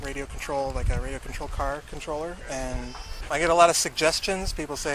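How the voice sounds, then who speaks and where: A man's voice: mid-range voice, brisk, poor audio. A man, an art car owner, describing his build in an easygoing, plain way outdoors. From Minneapolis area, USA. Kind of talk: casual interview outdoors. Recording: outdoor interview with loud music behind.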